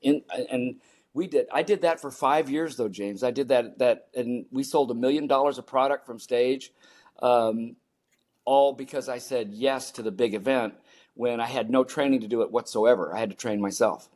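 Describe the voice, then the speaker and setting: An older man from the United States, a performance coach, telling lively stories in an interview and acting out his own reactions. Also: medium pitch, normal speed. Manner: animated storyteller, acts out his own panicked voice. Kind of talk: storytelling interview talk.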